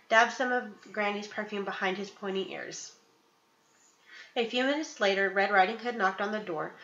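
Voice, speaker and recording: A woman reading a fairy tale aloud in a clear, steady storybook narration. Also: mid-range voice, reverberant, lo-fi sound, a little hiss or hum.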